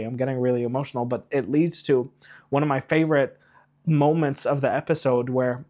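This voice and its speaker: A man in an excited spoiler rant reviewing a TV episode, animated, rushing ahead and getting emotional along the way. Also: medium pitch. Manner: animated, rushes and trails off, emotional asides. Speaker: YouTube reviewer.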